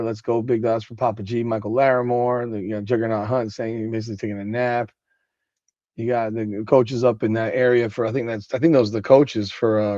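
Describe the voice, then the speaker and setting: A man hosting a podcast late at night, sleepy and yawning, talking in loose, excitable slang and reading out comments. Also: medium pitch, no room sound, lo-fi sound. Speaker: podcast host.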